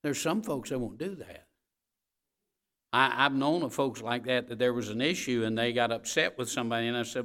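Male pastor, bright edge, emphatic and folksy, repeats his points for weight. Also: a little fast. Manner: emphatic, repeats key phrases, swings between loud and low; folksy, addresses the congregation directly. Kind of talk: sermon.

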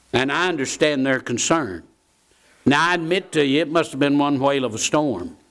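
A man preaching a sermon in a folksy way, repeating key phrases for emphasis. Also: mid-range voice.

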